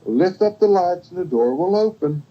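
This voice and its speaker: Little Red Riding Hood, voiced by grandpa. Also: male voice, high voice, lively intonation, moderate pace, mellow, recorded from a distance, pitched above the performer's own voice. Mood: wondering. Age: older. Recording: dull lo-fi home recording.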